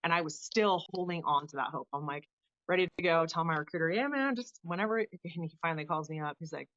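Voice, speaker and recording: A woman in her thirties, a guest on an interview show, telling her story in a casual, animated way and acting out the people she quotes. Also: sits low, fast, no room sound, dull audio. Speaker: podcast guest, Air Force veteran.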